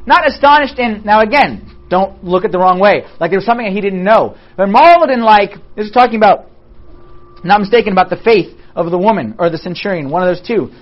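A Bible study teacher leading a class in an animated way, asking and answering their own rhetorical questions and joking with the group. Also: mid-range voice, quick pace. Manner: jokes with the group. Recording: dull lo-fi recording.

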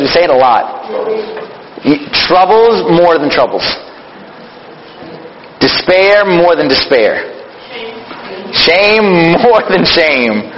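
A man leading a Bible study, questioning his group and repeating phrases to drive points home. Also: fairly high pitch. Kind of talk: teaching sermon. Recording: dull lo-fi hall recording.

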